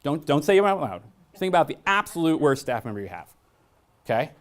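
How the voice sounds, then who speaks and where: Man, workshop presenter, blunt and joking, animated pitch, storytelling, quizzes the audience. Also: fairly quick. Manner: asks the audience frequent questions. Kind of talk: training talk to staff.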